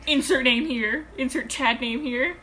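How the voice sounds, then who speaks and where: A teenage girl co-hosting a casual podcast, rambling, deadpan and swearing freely. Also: sits high, measured pace, a little hiss or hum, low-quality recording. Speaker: podcast co-host. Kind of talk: casual chat.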